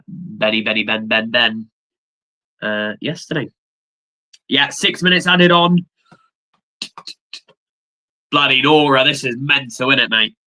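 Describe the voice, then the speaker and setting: Young male streamer, excitable rambler, sharp bright tone. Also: mid-range voice, poor audio. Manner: rambling, excitable, swears casually. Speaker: livestream host. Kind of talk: casual watchalong chat.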